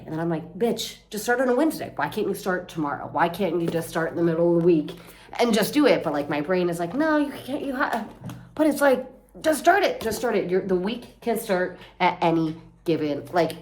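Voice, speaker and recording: A young woman vlogging alone, venting in a loose, rambling stream. Her voice sits a little low, with sudden loud, high outbursts and plenty of swearing. She mocks herself as she goes. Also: a little hiss or hum. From Florida. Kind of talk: casual venting to camera.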